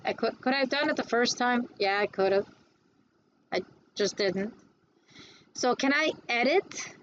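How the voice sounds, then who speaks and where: A woman instructor giving a classroom lecture on design software, chatty and quick to answer her own questions. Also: medium pitch, muffled recording, slight background noise.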